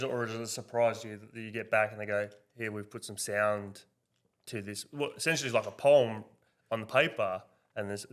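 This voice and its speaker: A man's voice: mid-range voice, a bit bright, clean tone. Rambling male podcast host. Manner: rambling questions with many restarts. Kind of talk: casual interview chat.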